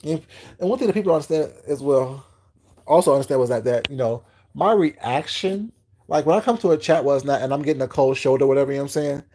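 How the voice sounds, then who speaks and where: A man's voice: medium pitch, fast talker, warm tone, slightly rough. A man hosting a livestream, chatting casually with his viewers in a rambling, repetitive way, often asking whether they know what he's saying. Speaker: livestream host.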